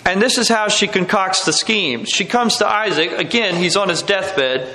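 A man's voice: high-pitched, moderate pace, sharp tone, a little hiss or hum. A man preaching a sermon, telling a story and acting out the characters' lines. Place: church hall. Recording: echoey hall.

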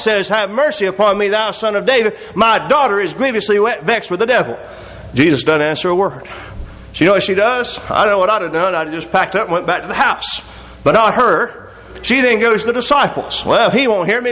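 High-voiced preacher in a reverberant hall. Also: male voice, fairly bright tone. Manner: folksy, conversational, many rhetorical questions. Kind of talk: sermon. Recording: long reverb of a large hall.

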